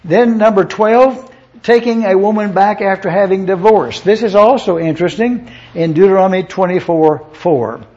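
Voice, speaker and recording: Male preacher teaching scripture point by point in a fairly high voice; muffled lo-fi recording. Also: moderate pace, a little mellow. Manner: methodical, spells out Greek words letter by letter. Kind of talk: Bible-study sermon. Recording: dull lo-fi sound.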